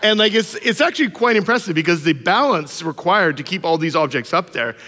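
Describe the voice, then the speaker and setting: A male pastor delivers a sermon in a loose, joking storytelling style full of fillers. His voice sits fairly high for a man. A long reverb from a large hall trails each phrase. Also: animated, fairly quick, bright, forceful tone. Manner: humorous, informal storytelling with many fillers.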